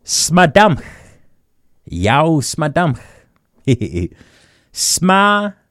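A man hosting a community radio show, teaching words slowly and often chuckling at himself. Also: mid-range voice, very animated, no room sound, clean studio sound. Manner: chuckles often, slow deliberate word repetition. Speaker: radio host. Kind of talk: community radio language segment.

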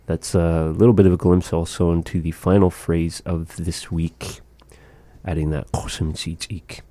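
A man teaching a language lesson, repeating each phrase slowly and carefully for learners. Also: low-pitched, little pitch movement, mellow, dry recording.

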